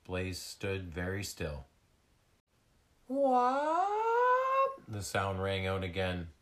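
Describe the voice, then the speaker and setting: In a deep voice, a man narrates a children's chapter book at an unhurried, even reading pace.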